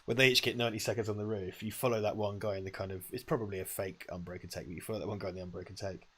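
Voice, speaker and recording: A man talking in a slightly low voice, rambling and sweary as he co-hosts a relaxed watch-party chat. He retells scenes emphatically, speaking into a clip-on mic. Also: rapid-fire, husky. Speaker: co-host. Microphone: lavalier.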